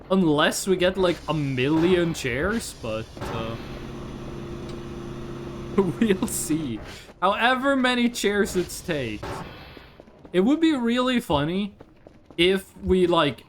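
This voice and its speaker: Ranting Norwegian woman streamer, native Norwegian speaker, lively and swings her pitch a lot, curses casually. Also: slight background noise. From Norway. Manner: ranting, swears freely, animated. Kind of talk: casual livestream chat.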